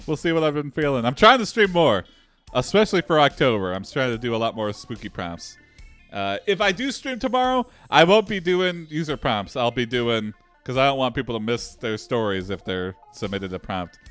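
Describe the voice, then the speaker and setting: A man's voice: on the high side, a bit bright, smooth. A man hosting a live AI storytelling stream, chatting casually and laughing often between story readings.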